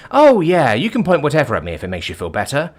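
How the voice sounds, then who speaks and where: Brief: male narrator playing a gleeful, smug woman executive, high and very lively, mocking everyone. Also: fast talker, faint music behind. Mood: smug lecturing. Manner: sarcastic, theatrical, gleeful. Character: brash witty female ex-CEO, mocking captors. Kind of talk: audiobook character voice.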